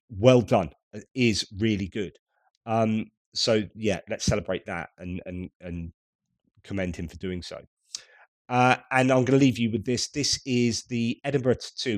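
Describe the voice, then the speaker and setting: A man's voice: lowish voice, dry recording, studio quality. A middle-aged man from the United Kingdom giving casual news commentary in a conversational way, with wry asides.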